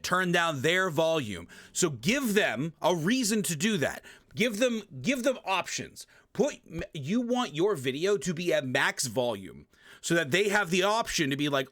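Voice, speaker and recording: A streamer with a high-sitting voice gives an emphatic, casual tutorial at a moderate pace from his home gaming setup. Clean studio sound, no echo; he regularly turns away from his desk microphone while swearing, repeating himself and making animated sound effects.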